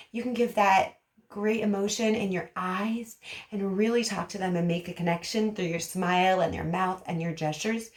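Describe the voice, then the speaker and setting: A woman speech therapist explaining to parents in an animated, demonstrative way, acting out emotions as she teaches. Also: mid-range voice. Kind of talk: parent education vlog. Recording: roomy echo.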